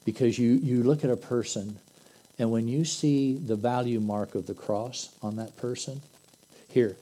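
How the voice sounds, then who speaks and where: A man's voice: mid-range voice, fairly even intonation, a little slow, dark tone, poor audio. A man preaching an earnest, conversational sermon that swells into emphatic bursts. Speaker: pastor.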